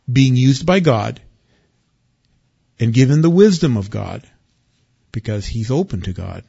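A man preaching a sermon with lively swings from loud excitement to quiet warning. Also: medium pitch, vocal fry, slightly rough, dull audio. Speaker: pastor.

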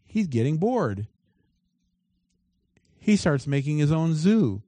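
A man's voice: a little high, sing-song, takes it slowly, dark tone, no echo. A man preaching a sermon as pastor. He reads scripture aloud and breaks off into emphatic asides.

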